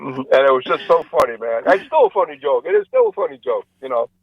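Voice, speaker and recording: A male comedian on a radio interview, telling long jokes and acting out the characters with lively changes of voice. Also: fast talker. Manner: animated joke-telling, acts out characters with rising pitch. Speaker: comedian guest. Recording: dull lo-fi radio sound, dry.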